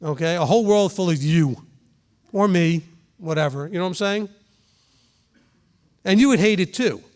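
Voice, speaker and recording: A middle-aged man, a rabbi, teaching a congregation in a relaxed sermon, often turning to ask the room questions and acting out quick examples. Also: sits high. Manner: conversational preaching, asks the room questions, voices quick examples.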